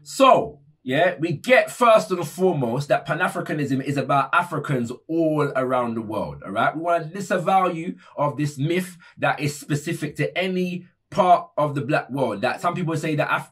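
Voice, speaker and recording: Brief: male presenter, husky and slightly high, casual teaching tone, keeps checking in with the listener. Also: fairly bright tone. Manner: conversational, many tag questions and fillers. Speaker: educator presenting a video series. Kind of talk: explanatory talk to camera.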